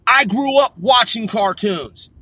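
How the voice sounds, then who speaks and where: A man's voice: sits high, animated, slow, bright, forceful tone, breathy edge, dry recording. A middle-aged man ranting in an exasperated, profane way, repeating himself and swearing constantly. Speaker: vlogger. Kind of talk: ranting monologue.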